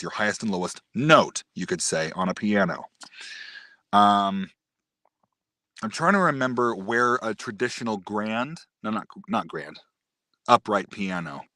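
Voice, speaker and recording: A man teaching voice technique on a live stream, explaining patiently and demonstrating pitch and resonance himself. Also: fairly bright tone, no echo, studio quality. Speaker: voice acting teacher.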